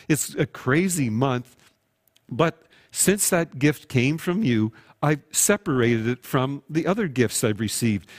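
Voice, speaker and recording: A man, a pastor, delivering a sermon in a conversational storytelling way, acting out imagined dialogue with his listeners. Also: mid-range voice. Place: recorded without in-person congregation.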